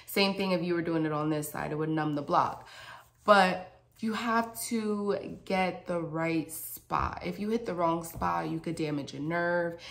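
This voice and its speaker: A woman's voice: fairly low pitch, unhurried, gravelly. A woman dental hygienist telling a dramatic storytime to viewers in a casual, slangy way, talking straight to them. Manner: animated, dramatic, slangy, addresses viewers directly.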